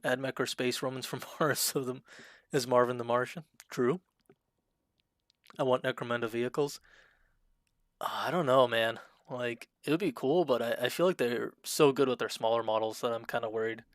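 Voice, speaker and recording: A man casually commenting while streaming a video game, talking in a fairly monotone way and reading the game's options aloud. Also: mid-range voice, moderate pace, dry recording. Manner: self-described monotone, dry delivery.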